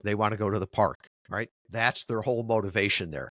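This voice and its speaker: A middle-aged man answering interview questions in a lively, storytelling way, often checking in with "right?". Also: on the low side, brisk, hardly any pauses, dry recording, clean studio sound. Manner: animated storyteller who keeps asking "right?". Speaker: podcast guest, marketing company founder.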